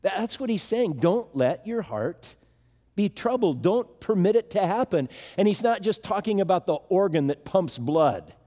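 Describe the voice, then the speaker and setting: A man's voice: sits high, expressive, moderate pace, warm tone, long reverb tail. A man preaching a sermon in a conversational, emphatic way, often restarting his phrases.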